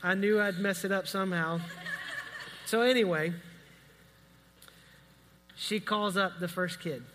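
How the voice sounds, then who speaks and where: A male pastor with a high voice tells a story from the pulpit in a relaxed, animated sermon. He has a bright, forceful tone, and his words ring with the long reverb of a hall. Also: slight background noise. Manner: conversational, animated storytelling with quick asides.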